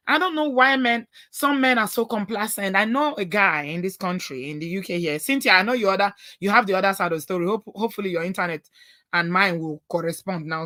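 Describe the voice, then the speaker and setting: A woman with a Nigerian accent hosting a live call-in talk show, telling stories in an animated, preachy way. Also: mid-range voice, no echo, studio quality. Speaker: host.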